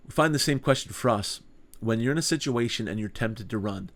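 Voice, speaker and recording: A man's voice: mid-range voice, animated, brisk, a bit bright. A man with a mid-range voice teaches a small group Bible study. His delivery is earnest and conversational, and he leans on rhetorical questions.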